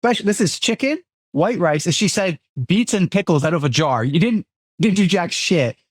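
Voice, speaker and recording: A man's voice: high-pitched, expressive, a little fast, no room sound, studio quality. A man co-hosting a casual podcast, giving blunt, sarcastic opinions. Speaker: podcast co-host.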